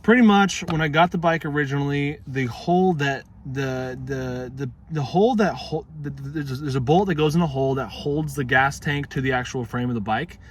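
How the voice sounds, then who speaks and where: A man's voice: medium pitch, fairly quick, hardly any pauses, a little hiss or hum. A young man talking casually to his vlog audience, rambling and swearing freely in a laid-back way. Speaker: vlogger.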